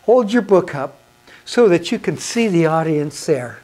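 A man leads a hymn conducting lesson in a slow, unhurried voice. He is patient and encouraging, counts the beats out loud, and asks his viewers questions before he answers them himself. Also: a little high, animated. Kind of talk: instructional how-to video.

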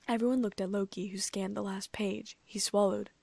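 A woman narrating a fan fiction audiobook in a steady, even reading voice. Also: medium pitch, normal speed, dry recording. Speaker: audiobook reader.

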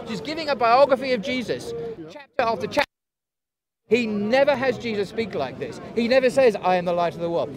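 High-voiced man arguing outdoors. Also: lively intonation, fairly quick. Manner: earnest, insistent, repeats points for emphasis. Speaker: debater at a public speakers' corner. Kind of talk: heated street debate. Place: outdoors in a city park. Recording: outdoor recording with crowd chatter. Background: crowd chatter and passing traffic.

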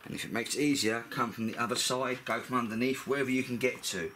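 A man's voice: mid-range voice, fairly even intonation, quick pace, bright, forceful tone, a little hiss or hum. A middle-aged man with a blunt, chatty manner, talking through a scooter repair in a workshop and swearing freely. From United Kingdom. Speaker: mechanic vlogger. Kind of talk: casual repair tutorial.

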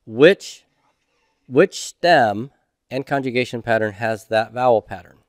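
A man's voice: medium pitch, unhurried, dry recording, studio quality. A man teaching a homework review lecture, patiently asking questions and answering them himself. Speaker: Hebrew instructor.

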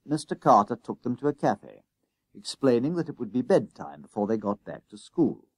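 Expressive man reading a storybook. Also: medium pitch, no echo. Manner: expressive, does character voices. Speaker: narrator.

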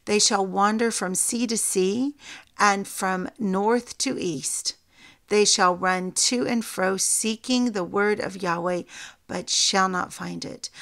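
A woman teaching scripture with a creaky, gravelly voice. She reads the verses slowly and deliberately. At times she is moved and emotional. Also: medium pitch, fairly bright tone. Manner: slow deliberate reading of scripture. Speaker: Bible teacher.

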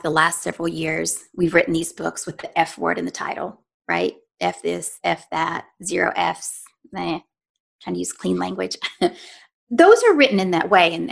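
A woman's voice: lowish voice, vocal fry, a bit bright. A woman guest on a podcast telling a personal story earnestly and conversationally, often voicing her own inner thoughts and checking in with "right?". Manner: frequent "right?" and "you know" asides to the listener. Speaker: podcast guest, nutritionist and life coach.

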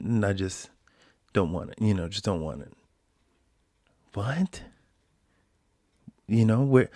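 A man with a low voice hosts a solo podcast and rants at length in loose, slangy speech, tossing in "bro." The sound is dry and close, with no room around it. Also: a little slow, long pauses, no room sound. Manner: animated ranting, slangy, says bro. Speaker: podcast host. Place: home, quarantine.

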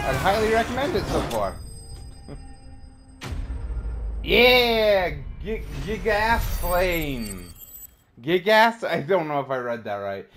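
A man from Canada doing excitable let's-play commentary, trash-talking the enemies he fights and rambling into jokes. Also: fairly high pitch. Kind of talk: live gameplay commentary. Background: game music.

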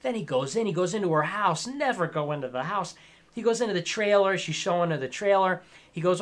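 Guy on a stream going off, lecturing, repeats himself a lot, high bright voice. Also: fairly quick. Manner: emphatic, lecturing, repeats his points. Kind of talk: ranting live-stream commentary.

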